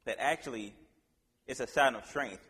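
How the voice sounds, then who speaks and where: A man with a slightly husky voice preaches an informal sermon, reading scripture aloud in a casual, halting way. His voice carries a long reverb, as if he were recorded in a hall. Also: mid-range voice, sharp tone.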